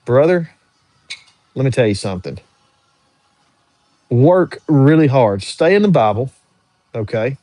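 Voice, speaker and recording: A man's voice: mid-range voice, big pitch swings, a little slow, pauses often, warm tone, no echo. A young man hosting a casual livestream, reading viewer questions aloud and answering them in an easygoing, drawling way. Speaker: livestream host answering chat.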